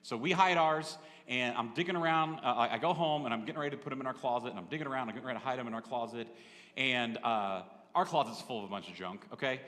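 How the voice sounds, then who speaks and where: A man's voice: medium pitch, fast, a bit bright. A male pastor preaching a sermon in a church, telling a story in a chatty, conversational way and turning to the congregation with asides. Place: church sanctuary. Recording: echoey church hall.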